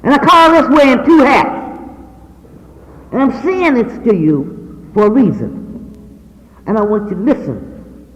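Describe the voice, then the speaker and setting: A woman's voice: on the high side, expressive, unhurried, pauses often, a little hiss or hum. A woman giving a personal testimony to an audience, earnest and acting out the people she quotes. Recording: long hall reverb.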